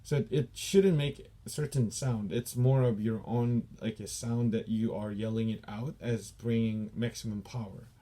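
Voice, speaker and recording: A man's voice: medium pitch, steady tone, dark tone. Korean-accented man teaching dojang terms. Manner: explains patiently, repeats each term slowly. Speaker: taekwondo instructor.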